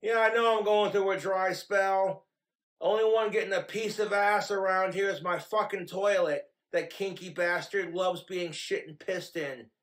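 A man's voice: high-pitched, steady tone, measured pace, fairly bright tone. A man vlogging at home, ranting bluntly and crudely in a rambling, profane monologue. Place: home in Wyoming.

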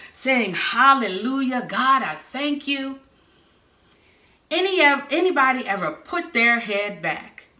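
A woman delivers a sermon at an unhurried pace, telling stories with lively bursts of shouting. Her voice is bright and forceful, and it rings in an echoey room. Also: a little high. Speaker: preacher. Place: church sanctuary or hall.

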